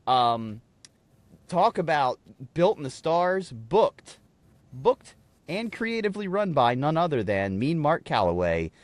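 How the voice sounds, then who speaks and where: Podcast co-host, male, fairly high voice, profane, animated storyteller, dry close mic. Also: slow pace, dry recording. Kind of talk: casual chat.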